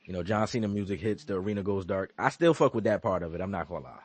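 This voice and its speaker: Husky man telling an animated story. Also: lowish voice, fast, few pauses, no echo. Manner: animated storytelling, acts out quotes, swears. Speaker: podcast host. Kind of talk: casual wrestling recap chat.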